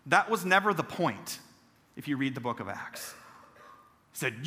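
A man's voice: mid-range voice, measured pace, long pauses, long reverb tail. A man preaching a sermon in a church sanctuary, telling stories and acting out the voices of the people in them. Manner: animated, acts out quoted voices with self-deprecating humor. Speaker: pastor. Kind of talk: sermon with personal storytelling.

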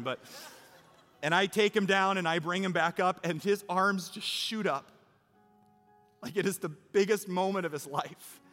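Speaking in a high, fairly bright voice, a preacher tells his congregation a story in a conversational sermon that builds into an exhortation. Faint music plays in the reverberant hall around him.

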